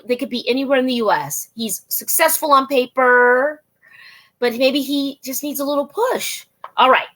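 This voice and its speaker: A woman with a high voice hosts an interview in casual chat. She is enthusiastic and rambles, breaking into exclamations as she talks. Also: a bit bright. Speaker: podcast host.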